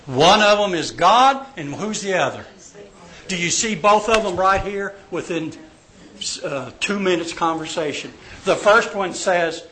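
A man teaching a Bible class, acting out quoted lines loudly and dropping to a soft voice to pray. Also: high-pitched, lively intonation, moderate pace, low-quality recording. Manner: dramatic, acts out quotes loudly then drops soft for prayer.

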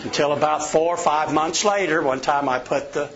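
A man's voice: a little high, fairly even intonation, normal speed, some chatter behind. A middle-aged man preaching a sermon, a folksy storyteller who tells personal anecdotes. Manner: folksy storyteller, acts out quoted voices. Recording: slightly dull lo-fi sound.

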